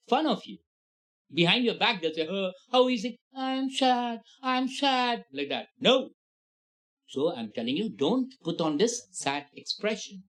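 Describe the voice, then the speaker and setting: A man, a tutor explaining a play to students in an animated way, acting out lines in shifting voices. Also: fairly high pitch, low-quality recording. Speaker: literature tutor.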